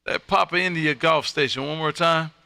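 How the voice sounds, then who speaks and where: A man from Texas, making ham radio contacts on a live stream from his radio room, loud, upbeat and quick to laugh. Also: a little high, fairly even intonation, gravelly, heavy background noise. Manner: loud, upbeat, laughs often, friendly drawl.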